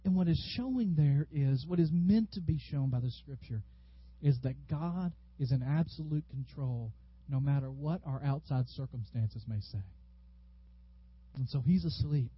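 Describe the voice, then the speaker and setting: A man from Tennessee, preaching a sermon in an animated storytelling way. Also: medium pitch, moderate pace, slightly rough, highs cut off. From Tennessee, USA. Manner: animated, storytelling preacher who acts out quotes loudly. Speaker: pastor.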